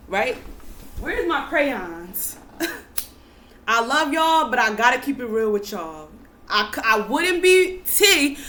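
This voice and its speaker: American woman, young adult, high-pitched, ringing bright tone, preachy, emphatic, repetitive, builds to near-yelling. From United States. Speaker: spiritual vlogger. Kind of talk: preachy monologue to camera.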